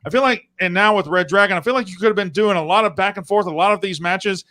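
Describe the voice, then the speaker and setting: High, bright-voiced man chatting loosely. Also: fast talker. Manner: jokey, profane asides, rambling. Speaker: podcast host, guest. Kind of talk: casual live-stream chat.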